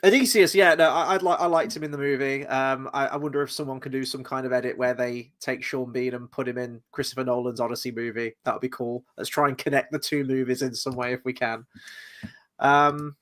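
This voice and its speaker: A man hosting a relaxed film review conversation in an ordinary mid-range voice. He talks in an easygoing, rambling way, filling gaps with "you know" and "whatnot". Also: medium pitch, brisk. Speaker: host. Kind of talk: casual film review chat.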